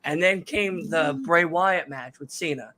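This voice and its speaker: A man's voice: a little high, measured pace. A man around thirty co-hosting a casual podcast chat, telling stories animatedly, acting out what people said and swearing freely. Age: 30s. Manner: animated storytelling, acts out quotes, swears freely. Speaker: podcast co-host.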